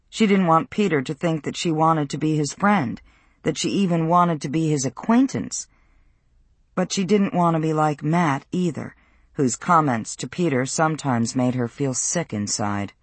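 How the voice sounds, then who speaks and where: A man narrating a novel in a measured, even storytelling voice. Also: fairly high pitch, no echo. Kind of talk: audiobook narration.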